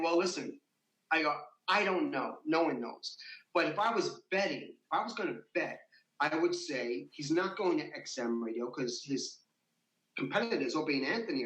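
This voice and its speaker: A male interview guest tells a story in a relaxed, animated way, and his voice climbs high whenever he gets worked up. The audio is poor and echoey.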